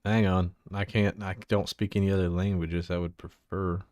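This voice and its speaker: A man's voice: low voice, level tone, normal speed, a little mellow, dry recording, studio quality. A man from Central Texas chatting casually on a livestream, swearing freely and laughing often while he fiddles with his setup. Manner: loose and profane, laughs often, talks while fiddling with settings. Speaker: livestreamer showing his avatar model.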